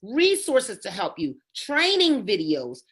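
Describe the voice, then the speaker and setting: A woman's voice: medium pitch, wildly swooping pitch, slow. A woman leading a motivational sales training on a video call, emphatic, keeps asking "right?" and calls on listeners by name.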